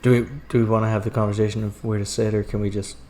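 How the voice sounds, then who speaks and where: A man's voice: on the low side, level tone, racing, darkish tone, faint music behind. Joking man at a tabletop game. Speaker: player. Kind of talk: casual chat at a tabletop game.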